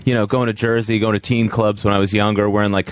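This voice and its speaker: A man's voice: fairly low pitch, flat delivery, fast, smooth, no room sound, studio quality. A young man, co-hosting a podcast and chatting casually, agreeing and laughing often. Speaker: podcast co-host. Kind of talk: casual chat.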